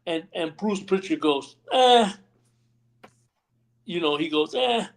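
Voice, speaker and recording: A slightly high male voice at normal speed keeps a fairly even intonation. He is a retired pro wrestler guesting on a storytelling live stream interview by remote call, rambling about backstage moments, acting out quotes and frequently adding "you know what I mean".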